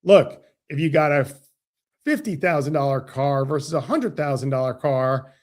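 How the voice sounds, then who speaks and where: A man, a financial advisor guest on an interview show, explaining with animated stories and acted-out dialogue. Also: on the high side, moderate pace. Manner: animated, acts out quoted dialogue. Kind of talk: casual interview storytelling.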